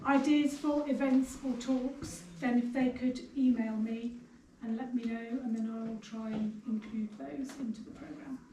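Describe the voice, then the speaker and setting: A woman making a brisk, friendly announcement from the audience in a pub function room. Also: fairly high pitch, steady tone, dark tone. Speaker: events coordinator. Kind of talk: short remarks from the audience. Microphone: far camera. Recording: roomy, distant, faint room noise.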